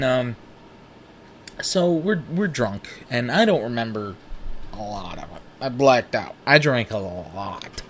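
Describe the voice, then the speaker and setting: Young guy telling his own story, swears a lot, voice bouncing all over, bit of hiss behind. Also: medium pitch. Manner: candid, profane, animated retelling. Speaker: podcast host. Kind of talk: casual storytelling monologue.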